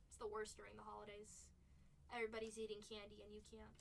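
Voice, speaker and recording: A woman's voice: mid-range voice, monotone, quick pace, vocal fry, far from the mic, very noisy. A young woman hosting a live card break, chatting casually and laughing between card call-outs. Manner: chatty, calls out cards between stories, laughs often. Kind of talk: casual live-stream chat while opening card packs.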